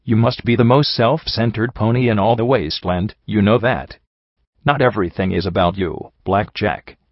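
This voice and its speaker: A man reading the part of a stern, cryptic male card dealer in a soft, raspy voice, pressing with questions. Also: fairly low pitch, moderate pace, no room sound, natural voice. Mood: reproachful. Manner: lecturing, probing questions. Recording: dull lo-fi audio.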